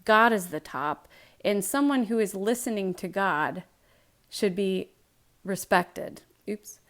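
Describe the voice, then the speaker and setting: Woman, Bible study teacher, chatty and jokey, smooth clear voice. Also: mid-range voice, expressive, takes it slowly.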